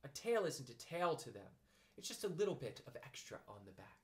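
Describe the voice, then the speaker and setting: A man voicing a gloomy, grumbling old male donkey in a storybook reading, slow and mournful. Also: mid-range voice, very animated, natural voice.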